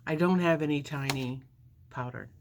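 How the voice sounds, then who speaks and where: A woman's voice: low-pitched, moderate pace, background noise. A woman in her fifties telling a story casually while doing her makeup, rambling with lots of fillers and restarts.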